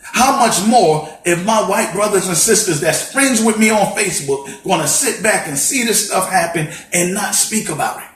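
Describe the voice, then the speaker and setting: A man's voice: high-pitched, expressive, moderate pace, fairly bright tone. Passionate man with roomy echo. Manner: passionate, preacher-like repeated rhetorical questions. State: fighting back tears. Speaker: podcast co-host. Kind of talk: impassioned podcast monologue.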